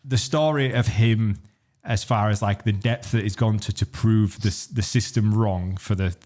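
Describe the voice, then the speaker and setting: A man with a fairly low voice talks through a film plot on a podcast. He rambles, restarts his sentences and swears freely, in a loose, casual chat. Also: unhurried, a little mellow. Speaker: podcast host.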